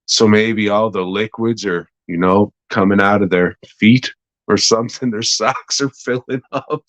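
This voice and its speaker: A man's voice: medium pitch, steady tone, unhurried, a bit bright, no echo, poor audio. A young man casually reviewing a TV episode, laid-back, meandering and swearing a lot. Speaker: podcast host reviewing a TV episode. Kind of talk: casual, profane review chat.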